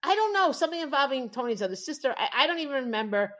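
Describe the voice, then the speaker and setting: A high-pitched, rapid-fire female co-host tells stories in a casual chat, full of laughter. She brings the people she quotes to life by acting out their voices.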